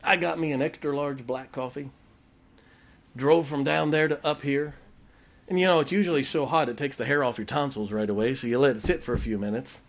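A man's voice: mid-range voice, brisk. An older man preaching a sermon, telling folksy stories and laughing as he goes. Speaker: pastor.

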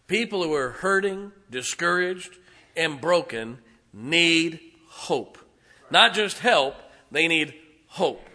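A middle-aged man preaching a sermon, telling folksy stories and swinging from hushed asides to loud, emphatic lines. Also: fairly high pitch, expressive, slow. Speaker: pastor.

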